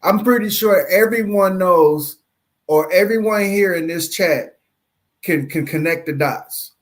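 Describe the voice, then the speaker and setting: A high-voiced panelist with a light Southern accent offers slow, preachy commentary on a livestream. He fills it with rhetorical questions and drawn-out emphasis.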